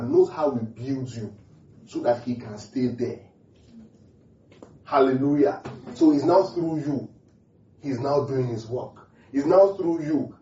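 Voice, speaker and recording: A man with a warm, medium-pitched voice preaches to a congregation in a church hall, often asking them questions and repeating key phrases for emphasis. The recording is muffled, echoey, and picked up from a distance.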